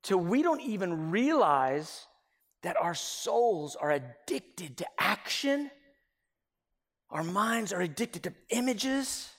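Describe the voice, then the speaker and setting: Male pastor, sermon delivery, higher-pitched, animated storyteller who whispers for emphasis; long hall reverb. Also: slow pace. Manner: animated, acts out everyday dialogue in little scenes; drops to a near whisper for emphasis.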